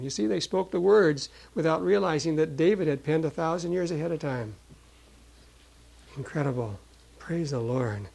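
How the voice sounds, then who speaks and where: A male preacher teaching from the Bible in an earnest, measured sermon. His voice sits a little higher than most men's. He reads scripture aloud with weight and pauses to explain it. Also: creaky, a little mellow, poor audio. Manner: restarts and fillers while explaining.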